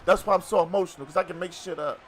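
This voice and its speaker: Middle-aged dude streaming a football game, high voice, joking around with chat. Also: male voice, rapid-fire. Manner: loose, joking, chatty with viewers. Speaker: gaming streamer. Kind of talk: casual live-stream chat while playing.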